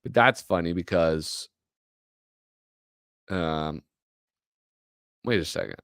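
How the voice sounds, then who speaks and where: Slow, rambling male show host. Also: deep voice, creaky, a bit bright, no room sound, clean studio sound. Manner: rambling, joking asides, trailing off. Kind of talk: casual live-stream commentary.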